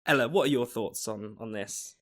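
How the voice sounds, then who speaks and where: A man's voice: medium pitch, normal speed, a bit bright. A man hosting a podcast discussion, talking casually with frequent fillers. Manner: conversational, hedging with frequent fillers. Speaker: podcast host.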